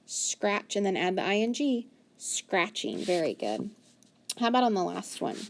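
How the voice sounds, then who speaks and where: A woman teacher leading a phonics lesson, sounding out words slowly and carefully. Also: mid-range voice, big pitch swings, gravelly.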